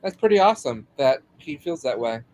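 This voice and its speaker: A man co-hosting a podcast in casual chat over a remote call, teasing and chatty with halting restarts. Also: a little high, big pitch swings, darkish tone. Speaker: podcast co-host.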